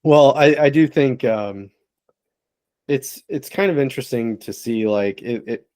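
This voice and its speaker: A man with a mid-range voice on a podcast panel. He talks in a measured, thoughtful way during a casual discussion. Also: medium pitch, a little mellow.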